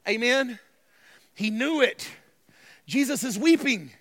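A male pastor in full sermon mode, with a strikingly high, piercing voice. He swings between loud shouted proclamations and quiet, hushed passages, and he keeps calling out to the room with a "y'all". The sound is close and dry. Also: expressive, normal speed, no room sound. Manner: calls to the congregation, y'all. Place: church sanctuary.

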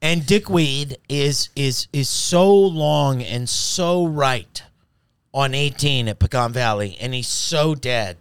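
A man's voice: medium pitch, slow, clear, resonant tone, no echo. A man in casual banter, emphatic and repeating himself as he corrects details of a golf story. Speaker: podcast co-host.

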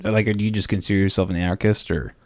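A young man hosting a podcast, asking relaxed questions full of "like" and "you know". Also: deep voice, fast talker. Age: young adult. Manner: relaxed, filler-heavy questions. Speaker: podcast host. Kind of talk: casual interview chat.

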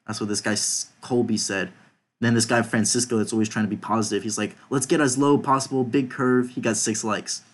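A young man hosting a podcast, casually reading out group chat messages and swearing now and then. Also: mid-range voice. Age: young adult. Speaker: podcast host.

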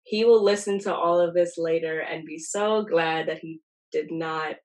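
A young woman hosts a podcast with a nasal voice that sits a little low for her. She talks in loose, rambling, self-deprecating chat. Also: moderate pace, darkish tone, rough recording. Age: young adult. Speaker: podcast host. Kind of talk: casual chat.

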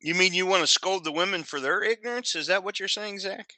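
Man, podcast co-host, very bright voice, slow wry remarks, dry sound. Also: sits high, no echo. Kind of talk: casual chat.

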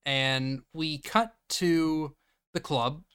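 A man's voice: on the high side, fairly even intonation, drawn-out words, fairly bright tone, smooth. A young man hosting a podcast, recapping a movie casually, laughing and swearing freely. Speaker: podcast host.

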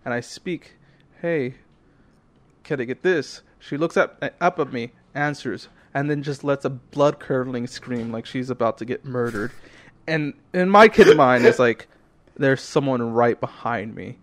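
A man's voice: mid-range voice, measured pace, a bit bright. A young man co-hosting a podcast, telling stories casually and leaning on "like" a lot. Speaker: podcast co-host. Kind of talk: casual chat, storytelling.

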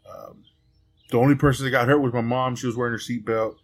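A man's voice: mid-range voice, level tone, fast talker, a little hiss or hum. A man hosting a podcast, in a loose, profane, storytelling chat with friends. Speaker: podcast host. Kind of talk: casual chat.

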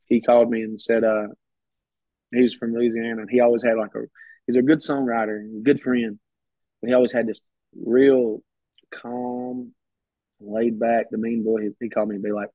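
He talks at normal speed in a level, medium-pitched voice, pausing often, with no echo. Casual, wandering stories pour out as he repeatedly restarts phrases, in a recording that sounds dull and slightly muffled.

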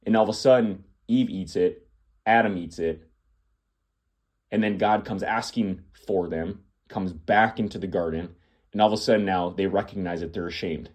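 A man's voice: sits low, moderate pace, a little mellow. A man hosting a podcast, preaching earnestly to the listener with emphatic, repeating phrases. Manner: earnest, addresses listener as "my friend". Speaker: podcast host. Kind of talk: preaching monologue.

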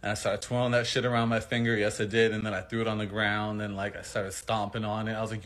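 A man's voice: lowish voice, flat delivery, fast talker, few pauses, a bit bright. A man boasting flippantly in a social media video clip.

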